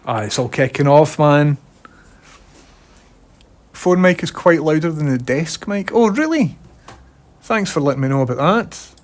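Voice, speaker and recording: A Scottish man on a casual live stream, his voice sitting a little higher than most men's. He is chatty and excitable and speaks straight to his viewers through a phone strapped to his head. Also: unhurried, long pauses. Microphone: phone mounted on his head.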